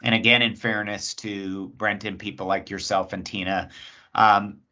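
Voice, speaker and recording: A man, speaking as a state lobbyist at an agency hearing, polite and measured with many pauses. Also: fairly low pitch, flat delivery, sharp tone, highs cut off. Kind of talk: public comment at agency hearing.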